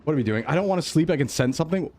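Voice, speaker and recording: A man's voice: fairly high pitch, animated, very fast, darkish tone. A male streamer in casual gameplay chat, rambling to himself and his chat, jumpy and easily startled.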